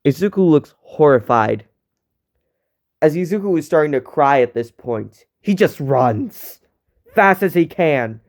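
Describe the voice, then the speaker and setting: A man's voice: on the high side, expressive, unhurried, a little mellow. A young man narrating an amateur fan story in a rambling way, correcting himself as he goes.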